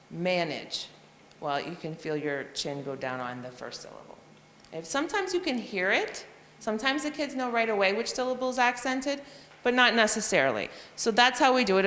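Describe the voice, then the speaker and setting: A woman's voice: medium pitch, fairly bright tone, slight background noise. A woman who teaches reading, explaining phonics lessons to other teachers and sounding out letters and spellings as she goes. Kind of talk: professional development talk to teachers. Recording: long hall reverb.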